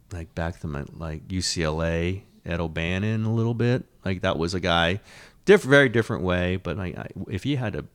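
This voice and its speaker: Low-voiced rambling sports talk host. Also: male voice. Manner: rambling, animated, swearing, frequent restarts. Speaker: sports columnist and podcast host.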